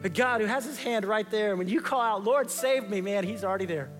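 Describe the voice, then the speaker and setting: High-voiced pastor preaching in a hall. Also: male voice, fast talker, fairly bright tone, soft background music. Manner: impassioned, conversational preaching with repeated phrases. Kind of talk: sermon.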